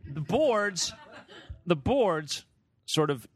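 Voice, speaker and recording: A man's voice: sits high, extremely slow, slightly rough. A man telling a story on a comedy podcast, rambling and repeating himself. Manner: rambling, repetitive, animated.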